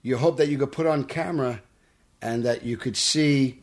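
A middle-aged man from Brooklyn with a Brooklyn accent, telling animated stories as a guest in a studio interview. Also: medium pitch, moderate pace. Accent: Brooklyn New York. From Brooklyn, New York. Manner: animated storytelling, tough-talking. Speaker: actor guest. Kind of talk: casual interview. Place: podcast studio.

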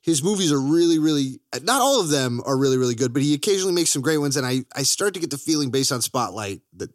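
A man's voice: fairly high pitch, sing-song, quick pace, no room sound, studio quality. A man co-hosting a podcast, chatting enthusiastically about films, joking and swearing. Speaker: podcast co-host. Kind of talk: casual film chat.

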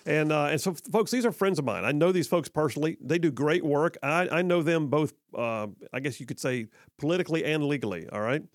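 A man's voice: a little high, no echo, studio quality. A man hosting a talk radio show, reading a sponsor spot in a folksy, joking way. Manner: folksy, joking, drawling when slowing down. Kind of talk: casual talk radio with live ad read. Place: radio studio. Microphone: studio microphone.

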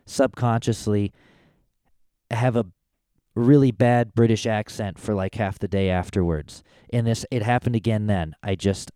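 Low, mellow-voiced male podcast host. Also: no room sound, clean studio sound. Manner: chatty, rambling, self-correcting. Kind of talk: casual podcast intro and interview. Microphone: studio mic with headphones.

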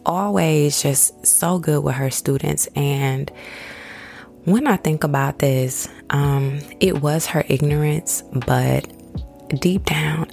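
A woman with a deep, darkish, creaky voice tells a personal story slowly and casually over soft background music. She chats conversationally, calls her listeners y'all, and acts out the voices she quotes.

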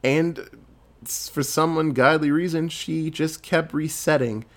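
Profane, animated man recapping a movie. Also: fairly high pitch, unhurried.

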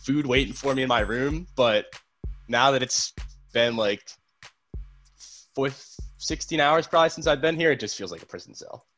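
A man's voice: mid-range voice, moderate pace, fairly bright tone, faint music behind. A young man with a congested voice, chatting casually and laughing often as a podcast co-host from an isolation room. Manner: laid-back, laughs often. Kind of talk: casual chat.

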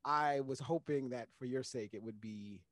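A man's voice: medium pitch, moderate pace, dry recording. A man co-hosting a casual podcast chat, talking in a wry, rambling way and repeating words as he thinks. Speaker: podcast co-host.

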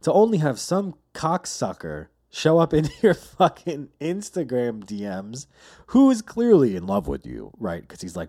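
A man's voice: on the high side, huge pitch swings, a little slow, warm tone, husky. A man hosting his own podcast, telling stories in a rambling, profane, casual way. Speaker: podcast host. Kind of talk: casual solo podcast monologue.

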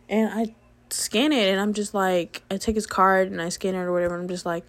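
A woman vlogger talking fast in a blunt, profane casual rant. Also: medium pitch, no echo. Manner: blunt, heavy swearing. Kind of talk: casual ranting monologue.

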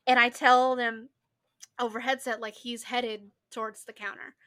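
A woman's voice: fairly high pitch, little pitch movement, normal speed, fairly bright tone, smooth. A young woman co-hosting a podcast, telling a work story in casual chat with emphatic repetition and casual swearing. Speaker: podcast co-host.

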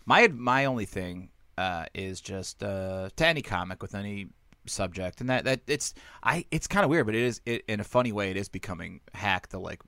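A man's voice: on the low side, normal speed, sharp tone, no echo. A man, a stand-up comedian, telling crude stories in casual podcast chat, laughing often.

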